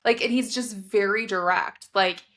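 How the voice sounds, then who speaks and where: A woman's voice: mid-range voice, moderate pace, fairly bright tone. A woman co-hosting a podcast who chats casually about a romance novel, with plenty of "like" fillers. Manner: chatty, lots of "like" fillers. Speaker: podcast co-host. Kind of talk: casual book discussion.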